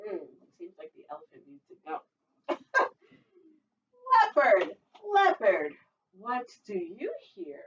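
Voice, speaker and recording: Lively sing-song woman reading to kids. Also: medium pitch, slow pace, pauses often, a little hiss or hum. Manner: lively sing-song read-aloud with frequent laughs. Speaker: children's librarian. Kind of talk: prerecorded children's storytime. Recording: distant dull mic in a room.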